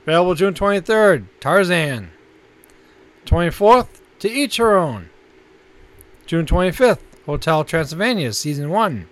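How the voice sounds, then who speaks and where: A male co-host with a lively, up-and-down voice that sits a little high. He works through a list in a relaxed, casual way and chuckles often. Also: measured pace. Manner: laid-back, chuckles often. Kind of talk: casual chat, reading a release list.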